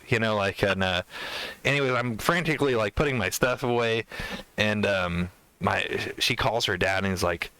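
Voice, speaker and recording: Male podcast host, rambling storyteller, bright clear voice, low-ish. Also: normal speed, no room sound. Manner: rambling, full of fillers and acted-out quotes. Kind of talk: casual storytelling chat.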